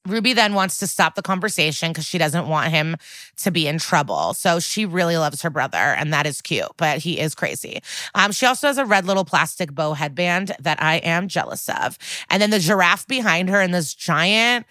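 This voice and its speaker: Chatty woman podcaster, bright dry sound. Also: on the low side, animated, moderate pace, no room sound. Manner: chatty, swears freely, laughs often. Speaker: podcast co-host. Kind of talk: casual episode recap.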